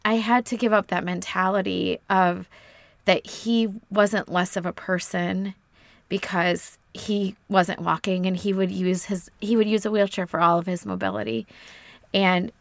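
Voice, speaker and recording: A woman telling a personal story about her son, earnest and halting, a little emotional and stumbling over her words. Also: medium pitch, fairly even intonation, creaky, no echo. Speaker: parent of a son with spina bifida, podcast guest. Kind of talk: reflective personal story in conversation.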